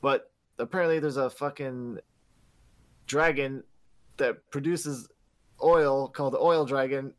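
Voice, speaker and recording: A podcast co-host recaps a video game's plot in a loose, meandering way, packing his sentences with "like" and "uh" and swearing freely. His mid-range voice is steady in tone and a little slow, with long pauses. It's a rambling, profane, casual game recap.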